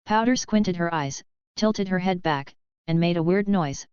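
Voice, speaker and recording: Female narrator, low smooth voice, even storybook reading, dry muffled recording. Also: a little slow, no room sound. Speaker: audiobook narrator. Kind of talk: scripted narration.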